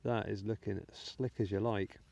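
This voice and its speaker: A man's voice: lowish voice, flat delivery, moderate pace, vocal fry, dark tone, highs cut off. A British man hosting a metal detecting vlog, chatting casually to viewers as he digs outdoors in a wet field, with muttered asides. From United Kingdom. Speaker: metal detecting channel host. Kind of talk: casual vlog commentary while digging.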